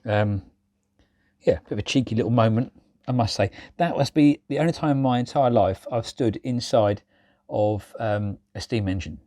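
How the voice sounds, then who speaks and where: A man's voice: medium pitch, moderate pace, mellow, no echo, clean studio sound. A man in his forties chatting casually to camera, rambling and self-mocking, with lots of filler words. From England. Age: 40s. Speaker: railway vlogger.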